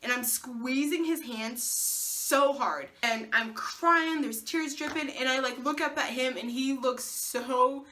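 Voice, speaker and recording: Young woman, casual vlog storytelling, animated, bright and fairly high voice. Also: slow pace, few pauses, slight background noise. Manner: animated, acts out dialogue, laughs and swears. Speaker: vlogger.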